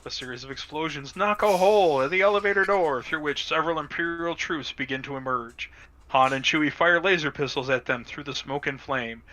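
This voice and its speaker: A man's voice: on the high side, brisk, sharp tone, rough recording. A man hosting and narrating a casual script read-through, playful and adding his own sound effects. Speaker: host and narrator.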